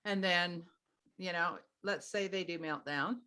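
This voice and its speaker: A middle-aged woman giving parenting advice in casual conversation, animated and acting out what parents and kids say. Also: lowish voice, a little slow. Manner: animated, acts out parent and child lines in a sing-song voice. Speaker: parenting expert guest.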